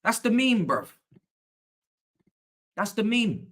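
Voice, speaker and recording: A man's voice: fairly high pitch, animated, normal speed, a bit bright, no echo, clean studio sound. A young man hosting a live football watch-along, ranting in exasperation and slang.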